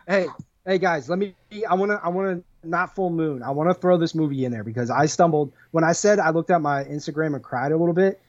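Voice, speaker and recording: A man co-hosting a podcast in casual chat, excitable, laughing a lot and swearing freely. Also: fairly high pitch, fairly quick, no room sound, highs cut off. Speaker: podcast co-host.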